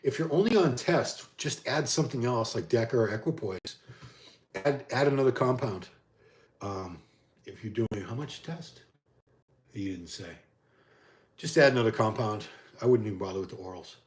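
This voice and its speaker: A man's voice: medium pitch, normal speed, pauses often, reverberant. Man hosting a casual live chat Q&A. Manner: conversational, answers chat questions one by one, frequent restarts. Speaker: host answering live chat questions.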